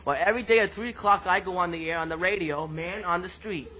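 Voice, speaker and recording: A man hosting a home-made mock radio street-interview show, excitable and rambling, often tripping over his words. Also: high voice, fast talker, slight background noise, poor audio.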